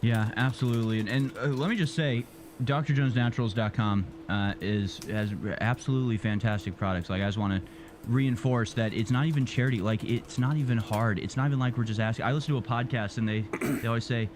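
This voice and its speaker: A man's voice: mid-range voice, fairly quick. Easygoing man, co-hosting over hiss. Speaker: co-host. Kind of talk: casual on-air talk.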